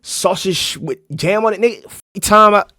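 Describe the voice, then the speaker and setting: A man streaming, giving crude, joking commentary as he reacts to a video, swinging from loud outbursts to mumbled asides. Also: high-pitched, fairly quick, dry recording, studio quality.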